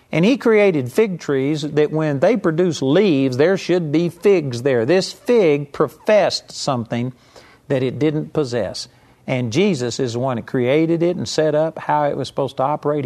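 A man preaching a sermon, emphatic, slowing down to stress each scripture quote. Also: fairly high pitch, a little mellow.

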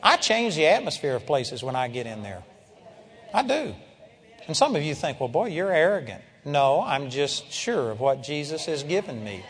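An older man preaching a sermon, telling stories in a lively way and now and then bursting into loud shouts of praise. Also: on the high side, normal speed. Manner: storytelling, animated, breaks into loud praise shouts. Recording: long hall reverb.

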